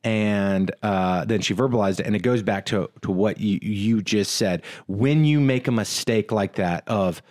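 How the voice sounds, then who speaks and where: A man's voice: fairly low pitch, darkish tone. A married man co-hosting a casual talk about marriage, speaking earnestly and often restarting his sentences. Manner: earnest, halting, many restarts. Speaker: podcast co-host. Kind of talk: casual marriage advice chat.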